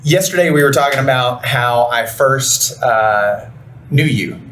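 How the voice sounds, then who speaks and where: A man's voice: medium pitch, fairly bright tone, slight background noise. A man hosting a podcast interview, enthusiastic and affirming, chatting casually with his guest. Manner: enthusiastic, affirming, quick to agree. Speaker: podcast host and recruiter.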